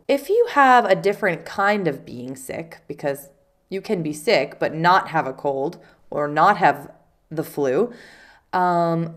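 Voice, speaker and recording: Low-voiced woman teaching English. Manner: clear, patient explaining with spoken examples. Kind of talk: vocabulary lesson.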